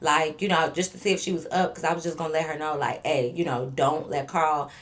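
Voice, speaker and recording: Female vlogger, lower register, animated storyteller who voices both sides of the story and swears freely. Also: fairly quick. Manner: profane, addresses viewers as y'all.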